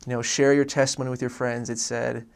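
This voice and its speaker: A young man from Oregon recounts his own story in an earnest, rambling way, stumbling through restarts and fillers. His mid-pitched voice stays flat and even, with a gravelly fry running through it. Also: fast talker. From Oregon, USA. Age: young adult. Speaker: returned missionary telling his story. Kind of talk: casual personal testimony.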